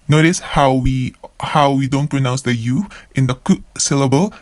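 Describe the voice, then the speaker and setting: A man's voice: mid-range voice, a little slow, no room sound. A man from the Philippines, a language learner, teaching vocabulary by saying each word twice and then explaining it. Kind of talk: vocabulary lesson.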